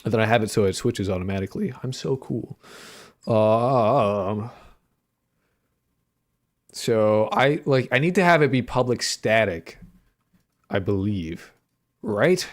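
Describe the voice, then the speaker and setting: A young man with a slightly low voice, riffing with his stream chat as he codes. He rambles through filler words, jokes around and swears casually in a loose, playful way. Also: animated, takes it slowly, pauses often. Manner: playful, jokey banter with chat. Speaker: streamer and indie game developer. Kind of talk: casual livestream chat while coding.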